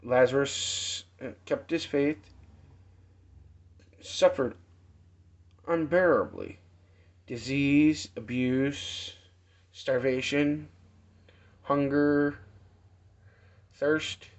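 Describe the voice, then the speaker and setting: A man preaching informally, retelling a parable in a halting storytelling manner with many restarts. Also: medium pitch. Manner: slow, halting storytelling with restarts and acted quotes. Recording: dull lo-fi sound.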